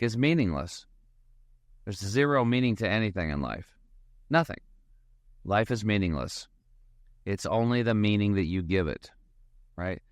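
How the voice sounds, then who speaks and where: A financial advisor appears as a guest on a casual podcast, chatting in a rambling storytelling style and acting out snippets of dialogue. His voice is medium-pitched, recorded with clean studio sound and no echo.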